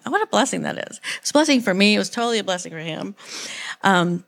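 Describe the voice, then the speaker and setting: A woman's voice: mid-range voice, expressive, quick pace, creaky. Earnest woman giving a casual sermon. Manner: earnest, rambling, with frequent likes and restarts. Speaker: church speaker. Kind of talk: informal sermon.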